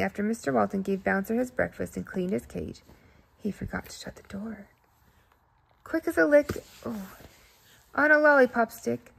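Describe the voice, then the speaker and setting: A woman reading a children's storybook aloud in an expressive, playful way. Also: fairly high pitch, creaky, husky.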